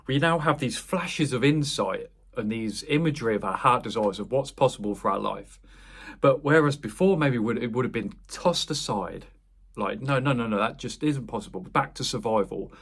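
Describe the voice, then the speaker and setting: A man's voice: mid-range voice, breathy edge. A young man, a wellness coach, speaking earnestly in a meandering spiritual monologue that often restarts and corrects itself. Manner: earnest, meandering, self-correcting, laughs at himself.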